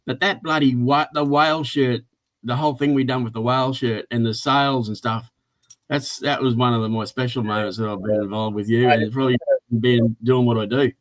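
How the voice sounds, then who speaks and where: A man with an Australian accent co-hosting a casual chat, telling stories in a blokey, animated way. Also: medium pitch, brisk. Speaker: co-host.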